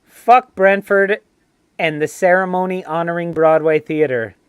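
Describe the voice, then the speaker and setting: A man's voice: fairly high pitch, steady tone, a little slow, clear, resonant tone, dry recording, studio quality. A man hosting a casual trivia game on a fan show, reading clues and teasing players playfully. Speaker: trivia quizmaster and show host.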